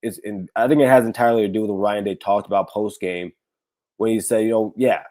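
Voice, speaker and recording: A man with a raspy, hoarse voice hosts a casual sports talk livestream, rambling with many fillers and restarts. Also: fairly low pitch, steady tone, brisk, dark tone. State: hoarse, recovering from illness. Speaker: podcast host.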